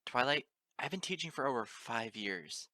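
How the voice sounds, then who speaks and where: A man's voice: medium pitch, very animated, moderate pace, bright, forceful tone, no echo. A man reading the part of an easygoing, teasing female pony teacher, in a breezy, sarcastic, pushy way. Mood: cocky. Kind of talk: amateur audiobook reading.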